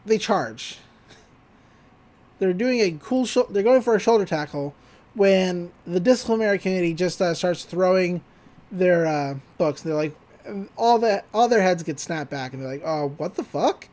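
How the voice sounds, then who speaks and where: Podcast co-host from Texas, mid-pitched, loose and sweary, recapping a cartoon episode. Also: normal speed, darkish tone. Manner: rambling, profane, laughs often.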